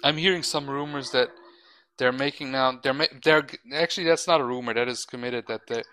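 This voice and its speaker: Male podcast host, crisp bright tone, opinionated rambling chat with frequent restarts. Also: medium pitch, steady tone, a little fast, low-quality recording. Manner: swears casually. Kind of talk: casual chat.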